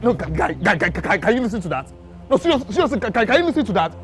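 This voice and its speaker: An indignant, sarcastic young fiancé. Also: male voice, sits high, sing-song, soft background music. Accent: Nigerian. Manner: repetitive, sarcastic, fast.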